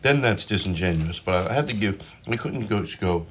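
Deep-voiced guy, casual rambling food chat at home, phone mic, light room ambience. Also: lively intonation, fairly quick, a little hiss or hum. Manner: rambling, self-interrupting, jokey. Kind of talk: casual food chat while cooking and eating. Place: home kitchen. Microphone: phone propped up.

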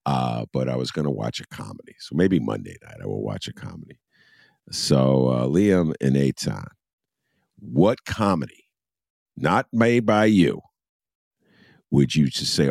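Male interviewer, rambling and chatty, lively deep voice. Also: vocal fry, dry recording, clean studio sound. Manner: chatty, rambling, self-described obsessive. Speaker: podcast host. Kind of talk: casual interview.

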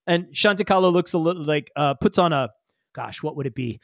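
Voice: mid-range voice, a little fast, creaky, no room sound, studio quality. A game master narrating a tabletop game in a chatty way, explaining with many fillers.

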